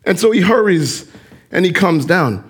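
A male pastor preaching with a high, lively voice that swings up and down. His tone has a husky edge, and he often turns to the listeners with direct questions. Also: moderate pace. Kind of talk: sermon.

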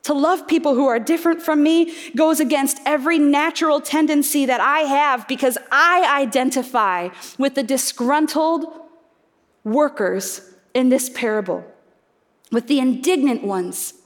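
A woman's voice: high-pitched, a little slow. A woman preaching a sermon, earnest and reflective, posing rhetorical questions to her congregation. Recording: reverberant hall.

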